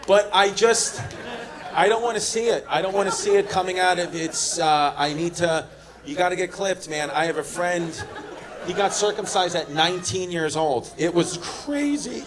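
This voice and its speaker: Brash New York stand-up comic, high voice. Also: male voice, moderate pace, crowd noise. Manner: brash, profane, acts out characters in his stories. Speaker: stand-up comedian. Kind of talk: stand-up comedy with crowd work. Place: comedy club stage. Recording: live club audience. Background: audience laughter.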